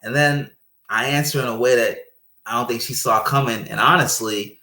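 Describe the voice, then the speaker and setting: A man, a guest, telling a personal story in a lively, chatty way, laughing and repeating phrases. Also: medium pitch, moderate pace, echoey room. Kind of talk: anecdotal storytelling.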